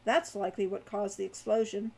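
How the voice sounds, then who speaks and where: Woman narrator doing a level-headed helper, calm and decisive, storybook ally. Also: mid-range voice, a little fast, vocal fry, husky. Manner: calm, reasoning. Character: calm, decisive magical companion.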